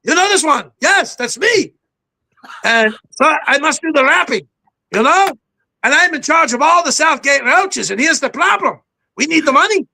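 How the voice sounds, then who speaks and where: A man's voice: extremely high pitch, expressive, normal speed, creaky, bright, forceful tone, pitched above the performer's own voice, heavily acted. A man voicing a dramatic male cockroach general with a Cuban accent, commanding and theatrical. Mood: boastful.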